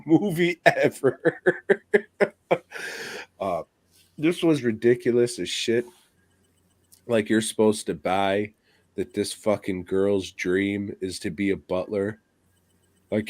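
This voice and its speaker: A man's voice: lowish voice, darkish tone, dry recording. A man co-hosting a podcast, ranting crudely and swearing constantly in casual chat. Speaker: podcast co-host.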